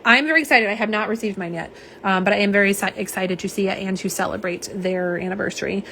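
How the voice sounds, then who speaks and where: Woman, casual livestream chat, mid-pitched voice, faint background hiss. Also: fast, pushed and bright. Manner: chatty, reads viewer comments aloud, says y'all. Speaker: nail polish livestream host. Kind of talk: live unboxing and swatching chat.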